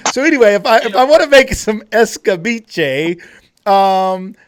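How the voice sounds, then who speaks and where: A man's voice: sits high, expressive, a little slow. Playful, joking male stream host. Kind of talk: live stream banter.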